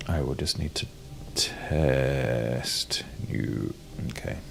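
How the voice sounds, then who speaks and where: A man's voice: very deep voice, extremely slow, gravelly, noisy background. A British man with a cold, giving wry, playful commentary while playing a game, with many ums and restarts. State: has a cold, coughing and sneezing. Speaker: game streamer. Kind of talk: casual gameplay commentary.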